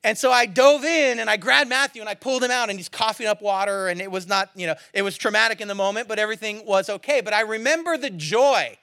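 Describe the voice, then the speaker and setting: A male pastor with a high, bright, forceful voice preaches in a loose, joking, conversational way. The sound is close and dry, with no room echo around it. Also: quick pace, hardly any pauses. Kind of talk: sermon.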